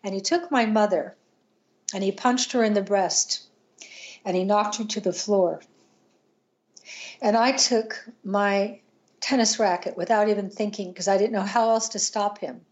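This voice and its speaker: An older woman, a podcast guest, tells a painful personal story in an earnest, halting way, with restarts and pauses. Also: mid-range voice, highs cut off.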